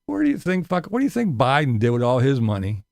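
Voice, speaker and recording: A man's voice: mid-range voice, huge pitch swings, quick pace, gravelly, darkish tone, no room sound, studio quality. A man ranting profanely on a casual live stream, sarcastic and mocking. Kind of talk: casual livestream rant.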